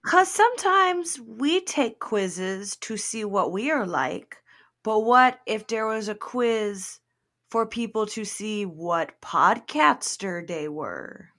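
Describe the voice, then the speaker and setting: Earnest lady cohost, bright tone, takes her time. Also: mid-range voice, lively intonation, takes it slowly. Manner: earnest, easily delighted. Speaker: podcast co-host. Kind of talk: casual comedic chat.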